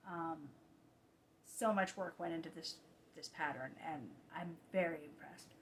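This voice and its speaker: A woman's voice: medium pitch, a little hiss or hum. A woman, chatting casually about her cross-stitch projects late at night, sounding tired and often correcting herself. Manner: chatty, self-correcting, drops to soft asides. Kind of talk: casual chat. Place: home at night.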